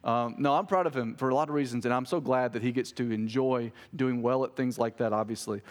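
A man's voice: medium pitch, steady tone, fairly quick. Conversational man preaching. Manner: conversational preaching with family anecdotes and self-corrected jokes. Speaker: pastor. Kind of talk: sermon.

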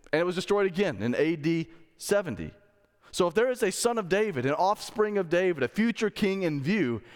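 A man preaching a sermon as pastor, conversational, asking the congregation rhetorical questions. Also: a little high. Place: church sanctuary. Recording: long reverb of a hall.

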